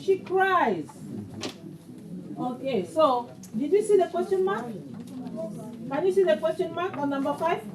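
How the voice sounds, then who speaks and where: A woman's voice: very high-pitched, lively intonation, unhurried, long pauses, roomy sound, far from the mic, noisy background. A woman teaching a beginner English class, patient and questioning, repeating phrases so her learners catch them.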